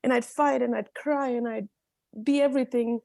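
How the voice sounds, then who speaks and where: A woman's voice: on the high side, steady tone, normal speed, vocal fry, dark tone, no room sound. A woman sharing an emotional personal story at an online book reading, heartfelt and candid. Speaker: book club participant.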